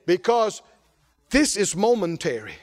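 A male pastor preaching a lively sermon, often laughing and calling out to the congregation. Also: high voice, a little slow. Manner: animated, laughing, call-and-response preaching.

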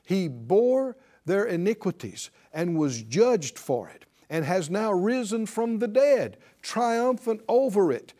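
A man's voice: high-pitched, big pitch swings, slow, few pauses, dark tone. A middle-aged man preaching a sermon, emphatic, repeating key words and acting out pleading prayers.

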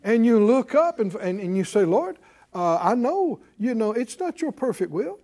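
High, animated preaching man. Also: normal speed. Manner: call-and-response preaching, swings between loud declarations and low asides. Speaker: pastor. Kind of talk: sermon.

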